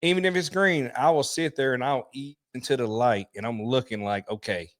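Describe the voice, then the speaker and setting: A middle-aged truck-driving podcast host tells stories animatedly in casual chat, restarting sentences and laughing along the way. His voice is medium-pitched and fairly bright, and his delivery is brisk.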